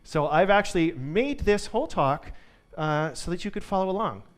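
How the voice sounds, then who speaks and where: A man's voice: high-pitched, expressive, moderate pace. A man giving a live conference tech talk to an audience, upbeat and joking. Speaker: conference speaker.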